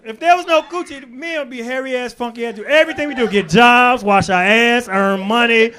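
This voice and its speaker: A man performing a stand-up comedy set in a club, working the crowd with loud bursts and low asides. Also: a little fast. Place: comedy club stage before a laughing crowd. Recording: live club recording with crowd laughter. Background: audience laughter.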